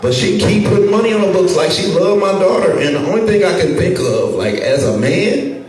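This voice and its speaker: A middle-aged man from St. Louis with a St. Louis accent doing a profane stand-up set, loud and animated, jumping into shouted voices. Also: high-pitched, fairly quick. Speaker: stand-up comedian. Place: comedy club stage with a laughing audience. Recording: echoey club sound from a distance with crowd noise.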